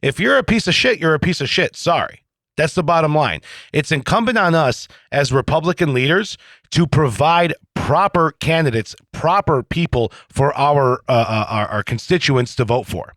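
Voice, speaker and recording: A man's voice: on the high side, animated, normal speed, fairly bright tone, dry recording. A man hosting a political podcast interview, talking bluntly and animatedly with plenty of profanity. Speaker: podcast host.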